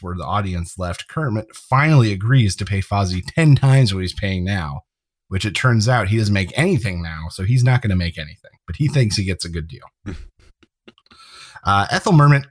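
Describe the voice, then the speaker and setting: A man's voice: on the low side, slightly rough, no room sound. A man co-hosting a casual chat, recapping an episode and sharing trivia, often laughing as he talks. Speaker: podcast co-host.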